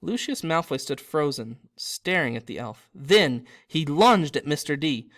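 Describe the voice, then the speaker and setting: A man reading his own storybook aloud, animated, with occasional slips and self-corrections. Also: on the high side, unhurried, hardly any pauses. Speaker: narrator and author.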